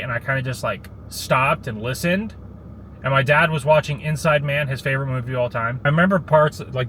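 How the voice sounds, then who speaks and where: A young man talks through a story in a loose, rambling vlog, full of restarts and filler. His voice sits a little high for a man. Faint traffic and street noise run under the recording. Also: fairly bright tone. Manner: rambling, many likes and restarts. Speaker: vlogger.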